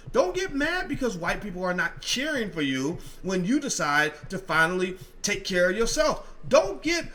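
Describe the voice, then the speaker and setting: Blunt, lively, bright-voiced male commentator. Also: high-pitched. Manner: blunt, profane, acts out both sides of arguments. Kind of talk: direct-to-camera political commentary.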